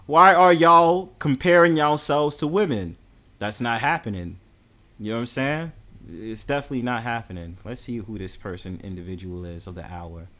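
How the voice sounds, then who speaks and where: A man's voice: lowish voice, lively intonation, normal speed. A man with a New York accent hosting a casual livestream, talking streetwise slang in an insistent, repetitive way. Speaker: livestream host.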